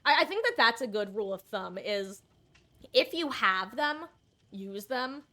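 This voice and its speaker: A woman's voice: fairly high pitch, sing-song, unhurried, bright, forceful tone. A woman streamer chatting casually and playfully while she plays a game, rambling and correcting herself as she goes. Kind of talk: casual live-stream chat while gaming.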